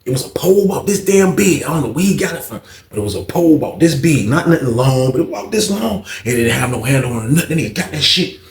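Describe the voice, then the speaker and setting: A man's voice: on the high side, animated, fast, few pauses, echoey room. A man casually telling a prison story with plenty of fillers and swearing. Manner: casual, profane, lots of fillers.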